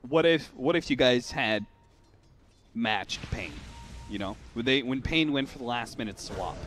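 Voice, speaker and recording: Lively man doing esports play-by-play. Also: medium pitch, a little slow, soft background music. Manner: lively, bursts into hype on big plays, wry banter. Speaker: esports caster. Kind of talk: play-by-play commentary.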